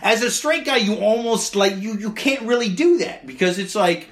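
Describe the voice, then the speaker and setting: A man's voice: high-pitched, expressive, moderate pace. A man co-hosting a comedic advice podcast, ranting emphatically and swearing freely. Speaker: podcast co-host. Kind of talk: casual comedic advice chat.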